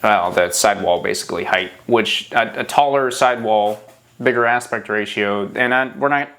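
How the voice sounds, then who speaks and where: A man hosts a motorcycle podcast, chatting in a loose, rambling style with frequent restarts. His voice is on the low side and a bit bright, at a normal speed.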